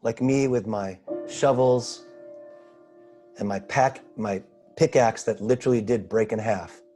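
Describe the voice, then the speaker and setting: Man guiding a slow meditation. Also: fairly low pitch, faint music behind. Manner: slow, pausing, gently questioning. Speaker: spiritual teacher. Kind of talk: guided meditation. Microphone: video call.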